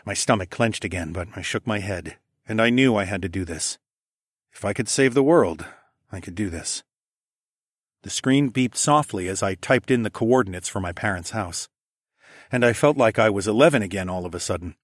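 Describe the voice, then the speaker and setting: A low-pitched male voice reads a first-person story in a quiet, intimate tone. The recording is dry and close, with no room sound at all. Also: moderate pace, no room sound. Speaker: audiobook narrator.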